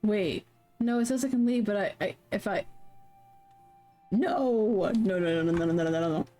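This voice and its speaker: A woman streams casually in a mid-range, warm voice at normal speed, music playing behind her. She curses a lot, comes across as flustered and confused, and sings along between her remarks.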